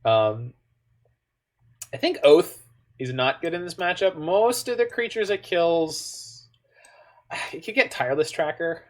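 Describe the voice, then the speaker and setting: A man's voice: on the high side, expressive, slow pace, long pauses. Playful man chatting through a card game. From Canada. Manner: playful, joking, muttered asides. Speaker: online card game player. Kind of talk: casual gameplay commentary.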